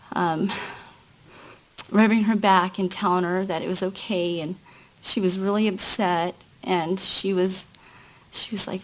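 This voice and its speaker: A woman testifying as a witness at a trial, recounting events in a slow, halting way. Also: lowish voice. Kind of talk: courtroom testimony.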